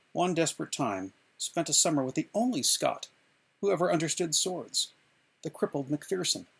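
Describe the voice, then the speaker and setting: Gravelly man reading a novel aloud. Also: a little high. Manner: expressive, measured storytelling. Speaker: reader of a novel. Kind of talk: dramatic book reading. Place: at home.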